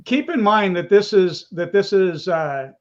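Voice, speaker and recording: A man's voice: sits high, animated, a little slow, dull audio. A man co-hosting a casual live video chat, explaining pictures he is showing on screen. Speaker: co-host.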